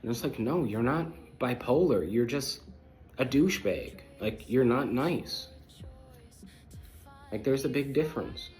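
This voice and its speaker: A man's voice: medium pitch, expressive, measured pace, long pauses, darkish tone, soft background music. A man hosting a podcast, talking bluntly and repetitively in a scattered, manic way, jumping from thought to thought. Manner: repetitive, emphatic, jumps between thoughts; blunt and preachy toward listeners. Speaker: podcast host. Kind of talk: casual monologue to viewers.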